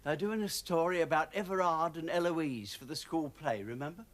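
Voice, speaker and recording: A man's voice: fairly high pitch, a little fast, lightly acted. An actor playing a grumbling, lecturing older grandfather in a TV drama. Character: gruff older grandfather, fussing. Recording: TV soundtrack with music behind.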